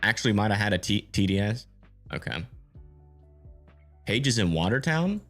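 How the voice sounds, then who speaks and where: A man's voice: fairly low pitch, big pitch swings, normal speed, fairly bright tone, faint music behind. Man talking through live storm radar. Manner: thinking aloud, reads and answers viewer chat. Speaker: livestream weather tracker. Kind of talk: live storm-tracking commentary.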